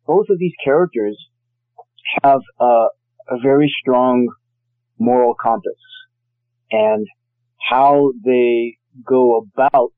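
A man's voice: mid-range voice, no echo. A man, an actor guest, answering interview questions and laughing easily. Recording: tinny phone-like line.

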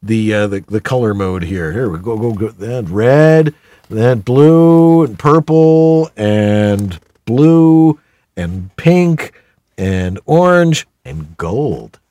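A man's voice: mid-range voice, slow pace, no echo. A man hosting a voiceover podcast, jokey and playful, reading questions and plugging gear. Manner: jokey, animated, playful asides. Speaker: podcast host. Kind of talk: podcast hosting, product plug.

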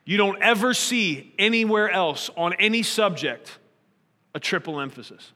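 A man's voice: sits high, animated, moderate pace, bright, forceful tone, long reverb tail. A man preaching a sermon, earnest and probing, asking his listeners pointed rhetorical questions.

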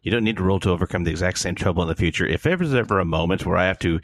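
A man playing a tabletop game, joking and animated as he describes his moves. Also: sits low, very fast, dry recording. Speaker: player.

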